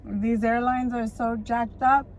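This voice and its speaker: A woman's voice: fairly high pitch, little pitch movement, slow pace, slight background noise. Dry-teasing woman co-host. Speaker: podcast co-host. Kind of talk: casual chat.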